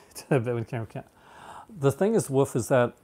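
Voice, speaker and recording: A man's voice: mid-range voice, animated, normal speed, dark tone, breathy edge. A man from Canada, around his thirties, talks casually to his viewers. His speech wanders, full of fillers, restarts and easy laughter. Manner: rambling, many restarts and fillers, laughs often. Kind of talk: casual chat, answering viewers.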